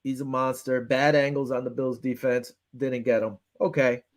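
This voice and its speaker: Breaking down a game on his casual sports talk show, a Western New York host rants with animated frustration in a mid-range voice at normal speed. He retells his phone calls by acting out both sides of the exchange.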